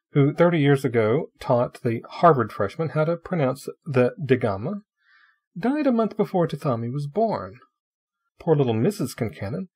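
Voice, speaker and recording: A man reading a classic short story aloud with expressive, dramatic storytelling. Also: on the high side, husky. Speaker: narrator.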